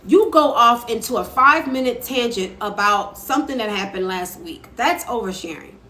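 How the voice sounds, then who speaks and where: A woman's voice: on the high side, animated, normal speed, bright, forceful tone. A young woman talking casually to viewers on a live stream, answering their comments as she goes. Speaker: author and live-stream host. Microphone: phone. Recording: echoey room with faint ambient noise.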